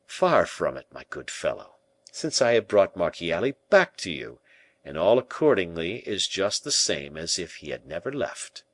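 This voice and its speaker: A man voicing a calm, self-possessed schemer in an audiobook, persuading and giving orders with smooth assurance. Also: low voice, normal speed, no room sound, heavily acted. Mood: coolly persuasive. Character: cool, scheming male musketeer-bishop. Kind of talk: audiobook character reading.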